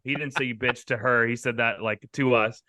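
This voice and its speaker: Bright-voiced swearing storyteller, a man. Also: mid-range voice, fairly even intonation, brisk, no echo. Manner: profane, laughing storyteller. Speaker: podcast co-host. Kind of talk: casual chat.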